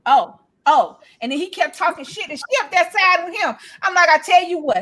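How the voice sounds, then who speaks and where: A high-voiced woman in her forties tells a story in a loose, casual chat. She is blunt and profane and jumps between the voices of everyone in the story, now loud, now quiet. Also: fast, no echo, poor audio. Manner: animated, blunt and profane, acting out both sides of arguments. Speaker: podcast co-host.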